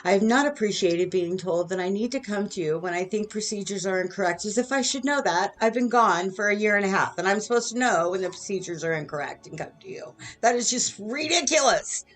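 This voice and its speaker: A woman's voice: medium pitch, animated, fairly quick, hardly any pauses. A middle-aged woman venting in an indignant, sarcastic monologue aimed at her former bosses. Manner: indignant, sarcastic, with bitter laughs. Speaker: vlogger. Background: soft music.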